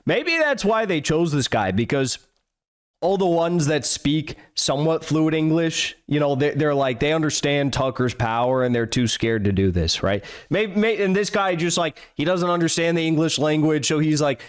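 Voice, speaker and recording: A man's voice: on the high side, lively intonation, normal speed, smooth. A man hosting political commentary, sarcastic and rambling, full of fillers like "like" and "you know". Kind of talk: casual commentary over clips.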